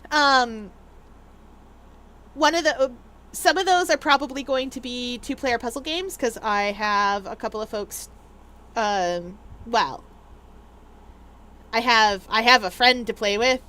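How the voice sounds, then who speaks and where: A woman's voice: on the high side, measured pace, pauses often, bright, forceful tone. A young adult woman chatting casually to her viewers on a gaming livestream, in a rambly way with lots of fillers. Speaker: streamer.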